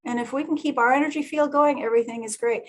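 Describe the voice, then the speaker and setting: A woman energy healer leading a group session, telling lively stories, acting out the voices she quotes and laughing often, then guiding breathing. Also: high voice, fast. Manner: animated storyteller who acts out quoted voices and laughs often. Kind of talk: casual group talk with guided breathing.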